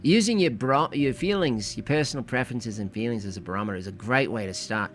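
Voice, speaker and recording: A man reacting to a podcast clip with sarcastic, mocking commentary. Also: quick pace. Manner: sarcastic, mocking, jumps between deadpan and high bursts. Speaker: video reactor.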